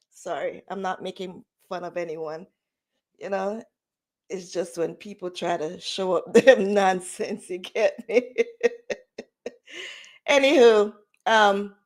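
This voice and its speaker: A woman with a Jamaican accent chats on a livestream at an unhurried pace. Her pitch sits in a middle range. She mixes patois into her talk and laughs often. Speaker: livestream host. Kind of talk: casual livestream chat.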